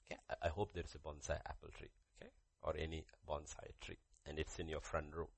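A man's voice: very deep voice, level tone, fast, creaky, slightly rough. A man preaching a sermon, repeating key phrases and putting questions to the congregation. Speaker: pastor.

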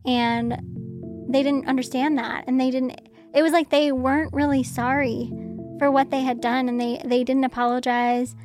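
A woman's voice: sits high, little pitch movement, moderate pace, music in the background. A young woman telling a personal story in a casual, conversational way, full of "like" fillers. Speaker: interview guest.

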